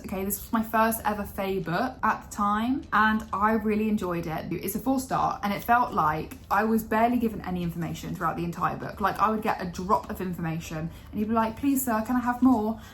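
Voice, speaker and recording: A woman's voice: medium pitch, a little fast, hardly any pauses, fairly bright tone. A woman chatting casually through a book review, bluntly and with some swearing, acting out her own reactions in dramatic asides. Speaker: book vlogger. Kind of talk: casual reading wrap-up chat.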